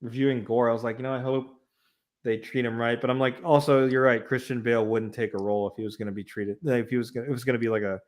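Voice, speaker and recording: A man hosting a casual podcast chat, excitable, laughing often and swearing casually. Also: medium pitch, fast talker. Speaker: podcast host.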